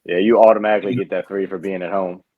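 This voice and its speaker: A man's voice: deep voice, rapid-fire, no echo, phone-quality sound. A man co-hosting a podcast, talking casually and matter-of-factly about sports with his friend. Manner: relaxed, matter-of-fact sports talk. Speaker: podcast co-host. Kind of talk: casual chat.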